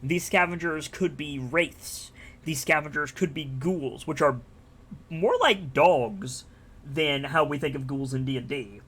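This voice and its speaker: A man's voice: a little high, unhurried, fairly bright tone, slightly rough. A man streaming live, talking casually and enthusiastically about a game, rambling and swearing freely. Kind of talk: casual chat.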